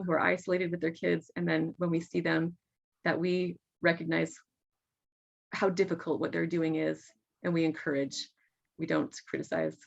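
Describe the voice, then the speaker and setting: A woman's voice: on the low side, creaky. A middle-aged mother talking earnestly as a podcast guest, often laughing. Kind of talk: casual interview talk. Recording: dull lo-fi sound.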